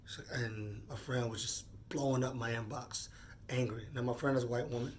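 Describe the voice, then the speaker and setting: A man in his forties speaking off the cuff in a personal monologue, earnest and halting, often repeating words as he gathers his thoughts. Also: mid-range voice, fairly even intonation, a little hiss or hum. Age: 40s. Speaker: vlogger.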